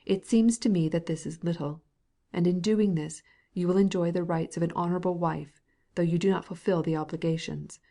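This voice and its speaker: A woman's voice: on the low side, steady tone, fairly quick, mellow. A woman voicing a stiff, proud male official who speaks to his wife in a cold, clipped, formal way.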